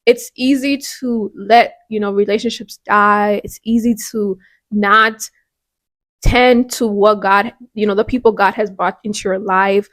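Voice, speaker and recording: A woman's voice: medium pitch, fairly even intonation, a little slow, no echo. A woman hosting a devotional podcast. She talks in an earnest, conversational way and often restarts her sentences. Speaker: podcast host.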